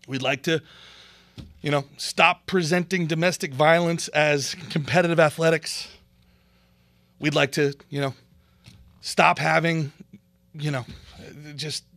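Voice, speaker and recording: Man, podcast host, sarcastic rant, bright forceful voice, dry close sound. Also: a little high, no echo. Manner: sarcastic, swings from loud to muttered. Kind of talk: ranting political commentary.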